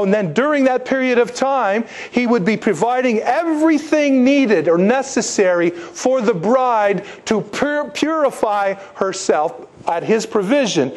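A man preaching a sermon, emphatic and animated, posing rhetorical questions to his listeners and slipping into stories. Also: sits high. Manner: animated storytelling with asides. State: congested, needing tissues. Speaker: pastor.

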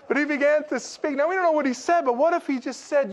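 A man preaching a sermon, telling the story in a humorous, animated way and acting out the dialogue casually. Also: very high voice, quick pace, few pauses. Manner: acts out dialogue in a casual, jokey way. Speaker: pastor.

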